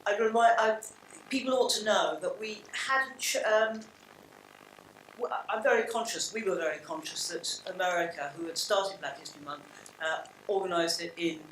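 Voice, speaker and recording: A woman's voice: medium pitch, fairly bright tone, a little hiss or hum. An older woman from England with a London accent, giving a blunt, reflective public talk with frequent restarts. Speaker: panel speaker. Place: large hall. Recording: roomy hall sound from a distance.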